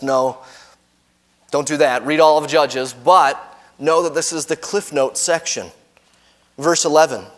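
A man preaching a sermon, reading scripture aloud and explaining it, his voice climbing for quoted lines and falling soft at the ends of phrases. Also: mid-range voice, moderate pace. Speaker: pastor. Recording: long hall reverb.

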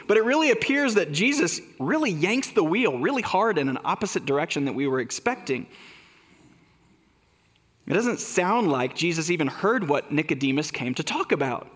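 A man's voice: fairly high pitch, fairly bright tone, big-room sound. A man preaching a sermon in a conversational way, asking rhetorical questions. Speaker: pastor.

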